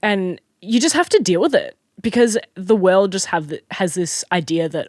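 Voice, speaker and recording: A young Australian woman in casual chat as a podcast guest, telling stories in an animated way with plenty of fillers and restarts. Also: mid-range voice, moderate pace, no echo, studio quality. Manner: chatty, animated storyteller with frequent fillers and restarts.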